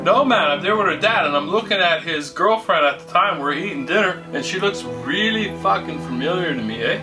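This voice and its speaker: A man co-hosting a podcast in casual chat, a profane, animated storyteller who laughs often. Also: on the high side, a little fast, distant mic, over music. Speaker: podcast co-host.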